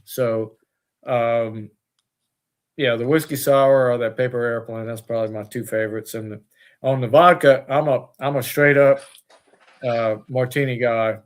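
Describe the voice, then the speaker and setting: A man's voice: mid-range voice, fairly even intonation, a little slow. A man, the owner of a distillery, talking as a guest in a casual interview, rambling with many fillers and restarts.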